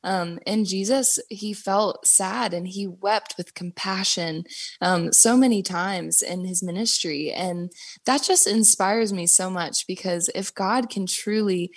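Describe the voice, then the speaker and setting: A woman's voice: mid-range voice, takes it slowly, husky, no room sound. A young woman, a worship leader, talking earnestly and reflectively about her faith in a podcast conversation. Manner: earnest, reflective, with soft laughs.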